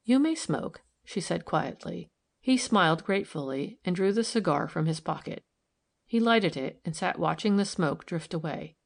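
A woman narrating a novel in a calm, even storytelling manner. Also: on the low side, normal speed, creaky. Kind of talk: audiobook narration.

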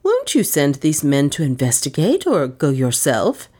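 A woman's voice: sits low, huge pitch swings, dark tone, heavily acted. A woman voicing a proud, resolute older lady of the house who speaks decidedly. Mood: anxious. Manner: decided, brisk.

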